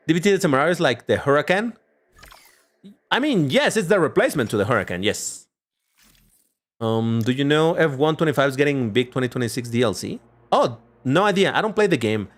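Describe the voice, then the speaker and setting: A man's voice: medium pitch, a bit bright. A man hosting a casual gaming live stream, chatting in a rambling way and answering his viewers' chat aloud as he plays. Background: faint background music.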